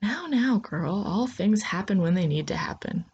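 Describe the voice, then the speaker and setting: A woman's voice: medium pitch, expressive, moderate pace, a little mellow, slightly rough, highs cut off. A woman voicing a kind, poor, easily confused old male space pilot who mutters to himself and speaks in a folksy, soothing way. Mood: gruff, muttering.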